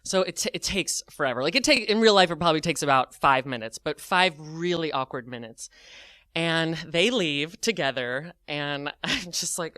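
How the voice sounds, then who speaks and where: A man telling a comic personal story, animated and full of fillers, acting out his own thoughts as he goes. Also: a little high, moderate pace, clear, resonant tone, no echo, studio quality.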